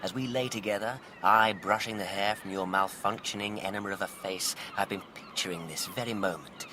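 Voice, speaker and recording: An actor playing a smug, insulting upper-class English spy villain in a comic radio drama, with a pompous, sneering manner. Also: male voice, lowish voice, steady tone, a little fast, noisy background, close to an everyday voice.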